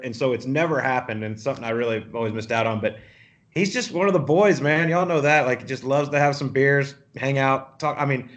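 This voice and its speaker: A man, a professional golfer, telling animated, profane stories as a podcast guest and laughing often. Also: mid-range voice. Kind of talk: casual storytelling.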